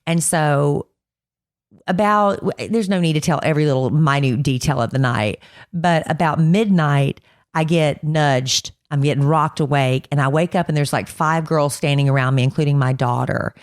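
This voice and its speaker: A woman co-hosting a podcast, telling a story in a casual, animated way and acting out other people's voices as she goes. She is getting over a cold. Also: low-pitched, moderate pace. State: fighting a cold. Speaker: podcast co-host.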